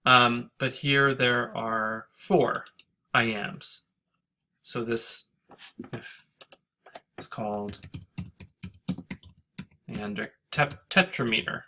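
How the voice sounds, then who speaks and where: A man's voice: medium pitch, steady tone, very slow, long pauses, sharp tone, slight background noise. A man teaching a class, talking through a screen-recorded lecture and thinking aloud as he goes, with fillers and self-corrections.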